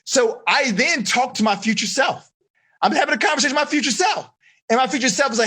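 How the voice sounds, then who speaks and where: Life coach, male, husky, animated delivery; slangy and upbeat with teen students in a live online seminar. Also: very high-pitched, fast. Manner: energetic, slangy, talks straight to the kids.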